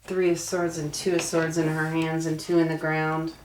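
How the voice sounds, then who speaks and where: A woman's voice: low-pitched, completely flat delivery, moderate pace, slight background noise. A young adult woman giving a tarot reading, earnest and emotionally invested as she talks through the cards aloud. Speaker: tarot reader.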